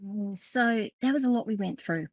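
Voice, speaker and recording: A medium-pitched female voice at a moderate pace, with no room sound, guides viewers through a settings tutorial via screen share. The speaker, a middle-aged tech educator and podcast host, is chatty, laughs a lot and corrects herself along the way.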